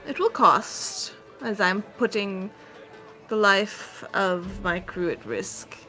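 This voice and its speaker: Casting: woman voicing a formal, guarded ship captain, deliberate lines, bright tone, faint music behind. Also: mid-range voice. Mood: stern. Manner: measured, formal, deliberate speech. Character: proud male ship captain, stern and wary.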